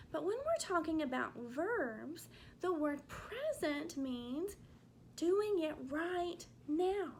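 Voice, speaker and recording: A woman with a Texan accent teaching a first grade phonics lesson to children at home, speaking slowly and clearly and drawing out her example words with patience. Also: high-pitched, fairly bright tone, slight background noise.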